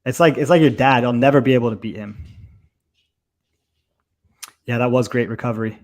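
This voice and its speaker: A man's voice: mid-range voice, fairly quick, a little mellow. A young man co-hosting a fight watch-along, chatting loosely with swearing and lots of fillers. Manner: loose and profane, with many fillers. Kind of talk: casual live fight commentary.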